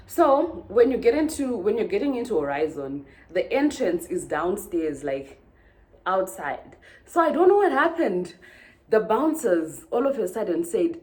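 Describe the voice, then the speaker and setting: A woman from Zimbabwe, telling a storytime vlog in an animated way and acting out the dialogue. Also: medium pitch, a little slow. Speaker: vlogger.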